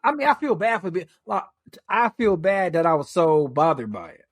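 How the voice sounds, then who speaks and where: A man on a podcast, telling a story in casual chat, animated, full of fillers and restarts, swearing freely. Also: sits high, moderate pace, no echo, clean studio sound. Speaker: podcast co-host.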